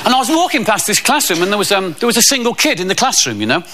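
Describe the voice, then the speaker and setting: A man doing a stand-up comedy routine, telling deadpan stories and putting on voices. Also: sits high, very fast, crowd noise. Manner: deadpan anecdotal storytelling with character voices. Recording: loud background noise.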